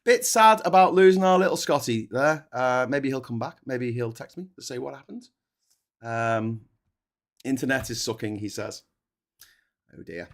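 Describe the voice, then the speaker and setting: A man's voice: mid-range voice, moderate pace. A man hosting a live-streamed chat show, swearing, ranting and joking over a video call. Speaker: host.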